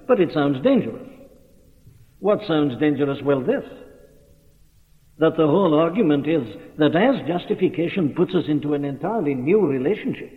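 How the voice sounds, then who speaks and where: A man preaching a sermon, earnest and emphatic, rising on key phrases. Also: on the high side. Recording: tinny, lo-fi archival recording in a reverberant hall.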